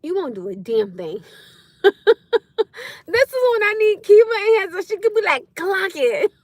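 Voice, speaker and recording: A woman chatting casually on a livestream, loud and laughing often as she answers comments. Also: very high-pitched, very animated, normal speed, no room sound. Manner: loud, laughing, talks back to chat. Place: in her car.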